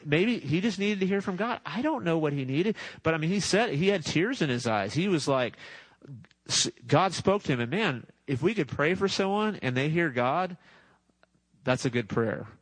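A man's voice: fairly high pitch, animated, normal speed, no echo, poor audio. A man preaching a sermon, telling a testimony story in a chatty way, chuckling and acting out what people said. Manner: chatty, laughs at his own story, acts out voices. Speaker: pastor.

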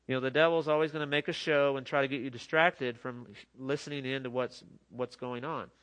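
A man's voice: mid-range voice, steady tone, fairly quick, a bit bright. A middle-aged man preaching a sermon in an earnest, conversational way, often restarting his sentences. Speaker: pastor.

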